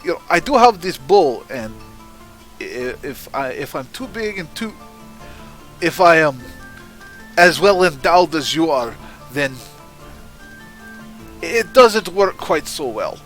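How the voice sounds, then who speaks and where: A man's voice: on the high side, big pitch swings, takes it slowly, pauses often, fairly bright tone, faint music behind. A man playing a tabletop game, bantering in character in a playful way with hesitant restarts. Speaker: player.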